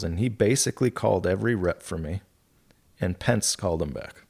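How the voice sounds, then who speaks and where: A man speaking as a podcast guest, telling stories in a relaxed, candid way. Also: fairly low pitch, normal speed, gravelly, husky. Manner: relaxed and candid, with mild swearing and laughs. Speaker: guest, golf equipment territory manager. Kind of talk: casual storytelling.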